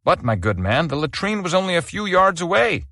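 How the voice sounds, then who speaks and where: A man voicing a stern army colonel who questions in a measured, formal way in an audiobook. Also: high-pitched, sing-song, bright, forceful tone, no echo, clean studio sound, voice pushed up, heavily acted. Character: stern army colonel presiding over discipline.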